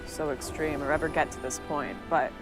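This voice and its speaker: A woman's voice: deep voice, fairly even intonation, normal speed, music in the background. A woman earnestly narrating a personal story in a scripted, recounting way.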